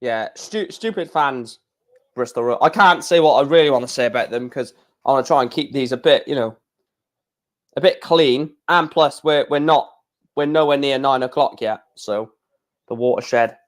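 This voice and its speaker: A man hosting a casual darts watch-along stream, chatting to viewers between louder score calls. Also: mid-range voice, moderate pace. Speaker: live-stream host.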